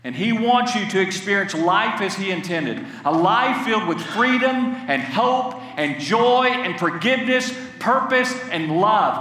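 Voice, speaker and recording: A man's voice: high voice, expressive, unhurried, hardly any pauses, bright, forceful tone. A man preaching an impassioned sermon in a large church. He repeats lines and has the congregation say them back to him. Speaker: pastor. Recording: echoey hall, heard from far off.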